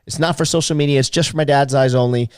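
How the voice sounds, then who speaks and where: Animated man telling a story on a podcast. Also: mid-range voice, quick pace, clean tone, no room sound, clean studio sound. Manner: animated, swears freely, acts out the people in his story. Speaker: podcast guest. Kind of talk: casual storytelling chat.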